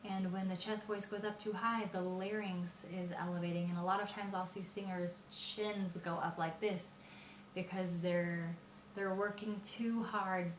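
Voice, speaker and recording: A woman voice teacher explaining singing technique in a patient, explanatory way, pausing often with fillers. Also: mid-range voice, flat delivery, a little hiss or hum. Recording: roomy echo.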